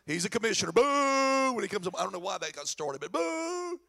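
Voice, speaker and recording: A middle-aged man preaching a sermon in a church, telling stories with animated, shouted emphasis. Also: high voice, rapid-fire, gravelly, breathy edge. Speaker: pastor.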